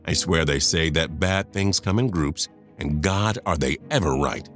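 A man's voice: rumbling low, a little slow, a bit bright, soft background music. A man in his fifties narrating a first-person story, confiding and talking straight to the listener.

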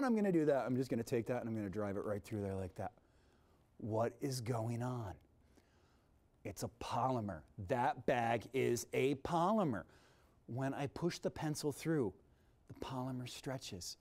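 In a TV studio, a man presents a kids' science demonstration at normal speed. He's energetic and showy, with big swings in pitch and loudness.

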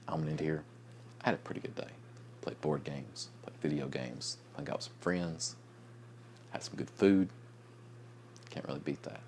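Very deep-voiced sleepy man. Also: slight background noise. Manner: rambling, with restarts, soft chuckles. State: sleepy, yawning a lot. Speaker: vlogger. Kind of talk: late-night casual vlog chat.

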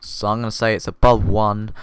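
Goofy low-voiced gaming commentator man. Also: level tone, fairly quick, smooth, dry recording. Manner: goofy, rambling and self-mocking. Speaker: gaming video host. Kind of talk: casual gameplay commentary.

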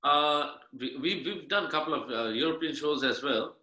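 A man from Sri Lanka speaks in a bright, forward voice. He chats casually and rambles, full of uhs and restarts. His voice rings in an echoey room. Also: a little high, normal speed. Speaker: guest musician. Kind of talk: casual interview chat.

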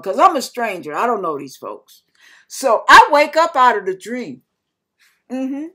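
A woman ministry host telling a personal testimony, animated, acting out the people in her story with frank asides to her listeners. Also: on the high side.

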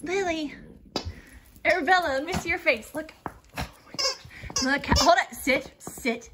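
Brief: woman, very high sing-song voice, coaxing pets, noisy home video. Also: a little slow. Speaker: dog owner. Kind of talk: casual baby talk to pets. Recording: home video with background noise.

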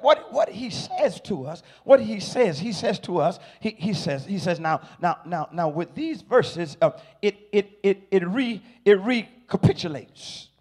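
A man preaching a sermon, repeating words as he builds, swelling from quiet explanation into loud shouted calls for his listeners to answer. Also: high voice, breathy edge.

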